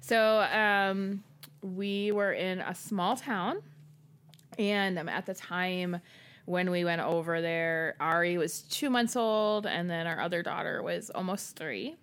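Animated woman telling a story. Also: on the low side, takes it slowly, clear, resonant tone. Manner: animated, self-deprecating storyteller. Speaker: podcast co-host. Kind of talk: casual storytelling chat.

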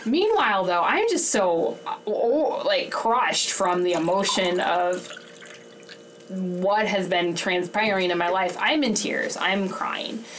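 A woman's voice: mid-range voice, expressive, takes it slowly. A woman co-hosting a faith conversation, talking candidly and openly about her emotions and laughing often. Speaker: podcast co-host and homeschooling mother. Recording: distant mic, faint background noise.

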